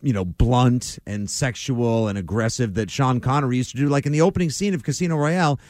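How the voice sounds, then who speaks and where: A man's voice: medium pitch, brisk, a little mellow, no room sound, studio quality. A man co-hosting a radio talk show, giving strong opinions with emphasis. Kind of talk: casual radio banter.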